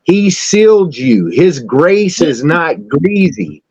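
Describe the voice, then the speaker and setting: A man's voice: a little high, big pitch swings, slow pace, a little mellow, dull audio. A man in casual podcast chat, talking about faith in an emphatic, blunt way. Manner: emphatic preacher-like delivery, blunt and straightforward.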